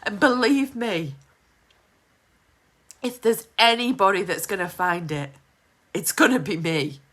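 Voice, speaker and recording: A woman's voice: mid-range voice, measured pace, fairly bright tone. A woman, a single mother talking to camera in a heartfelt casual vlog, emphatic and determined, with many "you know" fillers and close to tears.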